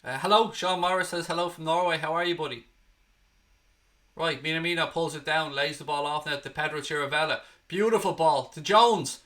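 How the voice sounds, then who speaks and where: A man from Ireland hosting a fan channel, giving excitable, blunt and sweary live watchalong commentary on a match. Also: a little high, brisk.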